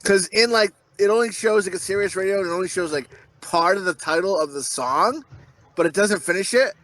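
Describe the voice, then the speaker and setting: A man's voice: high voice, a little fast, no echo. A man co-hosting a podcast, rambling through crude stories in casual chat and laughing often. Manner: animated voices in quoted reactions. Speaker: podcast co-host.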